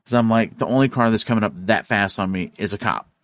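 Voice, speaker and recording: A man hosting a podcast, telling a story in casual chat, animated and profane, acting out the voices of the people in it. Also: on the low side, fast, dry recording, studio quality. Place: studio.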